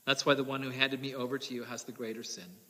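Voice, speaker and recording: A man reading as a calm, dignified prisoner. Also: medium pitch, fast talker, natural voice. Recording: long reverb of a church hall.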